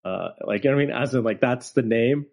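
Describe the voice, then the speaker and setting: This podcast co-host has a gravelly mid-range voice and talks quickly. He tells stories in an animated, casual way, full of fillers and quotes he acts out.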